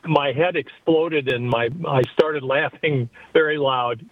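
A man's voice: mid-range voice, takes it slowly. A man calling a radio show from his car, rambling and thinking aloud. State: driving while calling. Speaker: caller. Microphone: phone from a car. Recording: tinny phone line.

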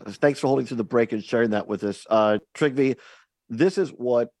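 A man's voice: medium pitch, moderate pace, darkish tone, no room sound. A man hosting a call-in radio talk show, earnest and often repeating words as he starts a sentence.

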